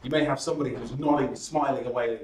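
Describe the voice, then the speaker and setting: A man presenting a startup workshop, lively and chatty, acting out audience members with laughing asides. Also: mid-range voice, quick pace, a little hiss or hum. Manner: animated, acts out audience reactions with laughing asides. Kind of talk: presentation skills workshop talk. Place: workshop room. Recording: roomy echo from a distant mic.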